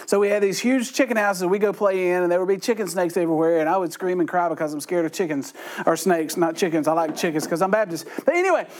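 A middle-aged man leads a Bible study, joking and chatting with the group in a conversational way full of self-deprecating asides. His voice is high with a darkish tone, and there's a little hiss or hum in the recording.

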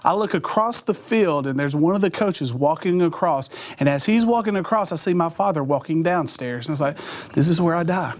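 A middle-aged man with a high-pitched voice gives an animated, comic storytelling talk. He switches into other voices and makes sound effects as he goes. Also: brisk, hardly any pauses. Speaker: motivational speaker.

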